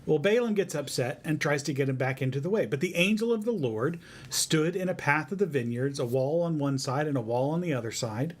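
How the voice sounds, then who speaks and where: Dad reading a bible story to his kid, chatty and lively, voice a bit on the high side. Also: brisk, hardly any pauses. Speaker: father teaching his son. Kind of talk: family Bible devotion, retelling a story.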